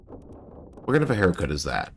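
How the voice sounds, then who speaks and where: A man streaming a mystery game, thinking aloud and chatting with his viewers in a relaxed way. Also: low-pitched, normal speed, gravelly, a little hiss or hum. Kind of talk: casual gameplay commentary.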